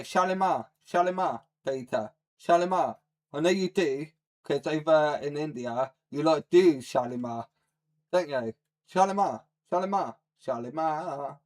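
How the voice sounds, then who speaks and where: A man on a live stream, ranting at his chat in a profane, mocking, hostile way. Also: medium pitch. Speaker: livestreamer.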